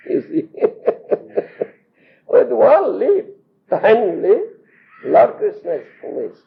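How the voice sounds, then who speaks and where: A man's voice: sits high, huge pitch swings, slow, creaky, long pauses, slightly rough. A man with an Indian English accent giving a storytelling scripture lecture as a spiritual teacher, often checking whether listeners understand. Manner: checks understanding often, laughs while telling. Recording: muffled lo-fi tape.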